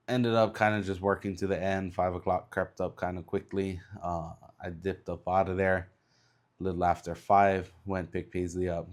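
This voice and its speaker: A young adult man with a stuffed-up, congested voice, giving a relaxed, chatty vlog update. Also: low-pitched, no room sound. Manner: relaxed, chatty, many ums. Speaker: car salesman vlogger. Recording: background noise behind the voice.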